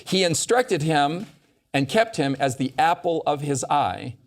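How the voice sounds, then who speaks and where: Male host, lively pitch, emphatic scripture teacher at a discussion table. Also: a little slow. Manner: emphatic, quotes scripture with dramatic stress. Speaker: host leading a Bible study discussion. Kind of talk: animated teaching in a round-table talk.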